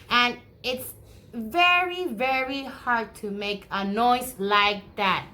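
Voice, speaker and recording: A woman teacher reading a picture book aloud to first graders, slow and encouraging, acting out each sound. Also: on the high side, sharp tone.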